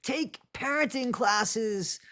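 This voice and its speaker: A woman's voice: on the high side, slow, noisy background. A woman hosting her own channel and giving blunt, sarcastic reaction commentary. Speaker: channel host.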